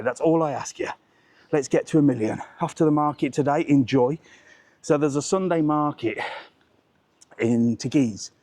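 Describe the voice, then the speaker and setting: A man's voice: a little high, dark tone, no echo. A man hosting a live walking travel vlog, chatting upbeat and greeting passers-by on an outdoor street. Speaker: travel vlogger host.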